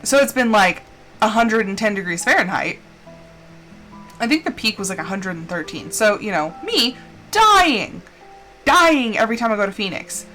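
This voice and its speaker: A woman livestreams a farming game, telling a rambling story in casual chat full of fillers and playful drama. Her voice is medium-pitched, expressive and a bit bright, at normal speed, with faint music in the background.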